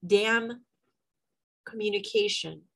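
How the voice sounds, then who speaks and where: A woman's voice: mid-range voice, slow, creaky, fairly bright tone, low-quality recording. A middle-aged woman, a mother, telling a personal story in a candid, emotional, venting way with some swearing.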